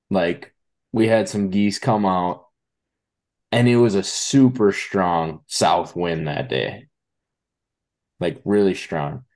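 Low-voiced man, slow deliberate delivery, animated storyteller among friends. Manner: vivid, animated retelling. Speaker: hunting buddy. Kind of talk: casual storytelling chat.

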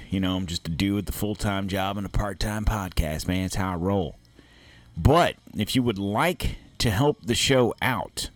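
Male podcast host, relaxed and rambling, low voice, dead-dry studio mic. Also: no echo. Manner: laid-back, rambling, keeps saying "guys". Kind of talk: casual podcast chat.

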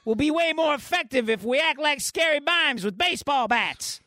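A man putting on the voice of a rowdy young street gang thug in a comic, taunting and shouty. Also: very high voice, animated, moderate pace, no room sound, studio quality, voice pushed up, heavily acted.

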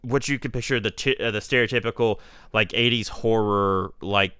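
A man's voice: fairly low pitch, fairly even intonation, normal speed, sharp tone, smooth, no room sound. A man co-hosting a podcast, telling a rambling story in casual chat with lots of fillers. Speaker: podcast co-host.

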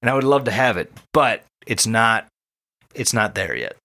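A man's voice: fairly low pitch, animated, normal speed, sharp tone. A man co-hosting a casual podcast, speaking enthusiastically and emphatically, with occasional swearing. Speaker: podcast co-host. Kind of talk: casual chat.

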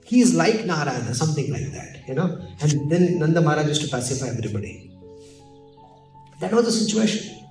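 A man telling devotional stories in an animated sermon. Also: fairly high pitch, a little fast. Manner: animated, switching into Hindi and acted voices. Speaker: preacher. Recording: echoey hall, voice off mic, faint music.

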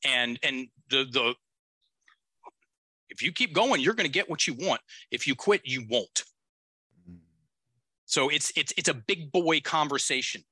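Bright, emphatic male coach. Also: a little high, expressive, a little slow, pauses often, husky, dry recording. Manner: emphatic, blunt, with casual swearing. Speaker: guest executive coach. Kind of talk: podcast conversation.

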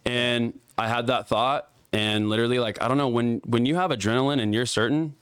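Young man, lowish smooth voice, dry close mic; casual profane storyteller, filler-heavy. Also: fairly even intonation, brisk, a bit bright, no echo. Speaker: guest telling a story.

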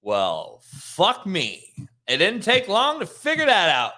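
Coach guy ranting, swears a ton, mocking, bright punchy voice that jumps all over. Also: high voice, huge pitch swings, slow. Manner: blunt and mocking, swears often. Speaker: football coach and show host. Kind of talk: casual profane rant.

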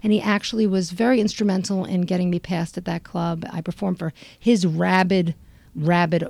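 An older woman comedian chatting in an interview, telling animated stories full of fillers and acted-out quotes. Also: moderate pace, creaky, dry recording. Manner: animated storyteller, acts out quotes with big pitch jumps; frequent fillers. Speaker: stand-up comedian guest. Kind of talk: casual interview chat.

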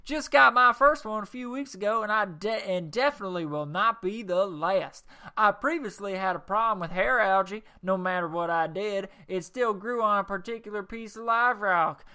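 A man's voice: high-pitched, moderate pace, pushed and bright, smooth, voice pushed up, exaggerated voice. A man voicing a drawling male Texan fish-keeper in a hammy, exaggerated Texas accent. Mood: excited. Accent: Texas (put on).

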